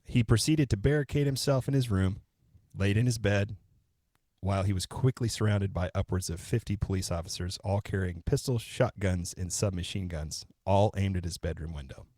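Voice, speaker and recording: A man's voice: low voice, normal speed, no room sound, studio quality. A man co-hosting a podcast, casually retelling a true-crime story step by step, now and then swearing. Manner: relaxed, profane, retells events step by step. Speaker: podcast co-host.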